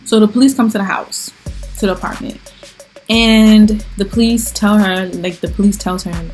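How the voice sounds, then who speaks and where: A young woman tells a story straight to camera in an animated, exasperated way, voicing each quoted line as she goes. Her pitch sits in an ordinary middle range. Faint music plays underneath. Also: normal speed. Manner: animated retelling, exasperated, acts out quoted lines. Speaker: vlogger.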